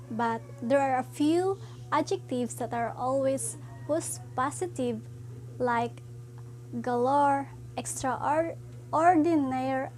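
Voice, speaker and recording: A woman teaching a grammar lesson, explaining slowly and haltingly, with frequent "so" and "um" fillers. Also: high voice, darkish tone, poor audio.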